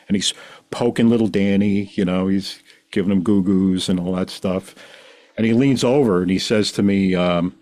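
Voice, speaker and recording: A middle-aged man with a fairly low voice talks casually as a podcast guest. He rambles through a personal story in an animated way, now and then acting out the voices of the people in it.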